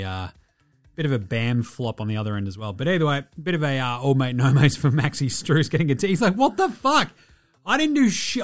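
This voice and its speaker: A man hosting a podcast, giving a casual, profane, rambling basketball recap. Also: fairly high pitch. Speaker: podcast host.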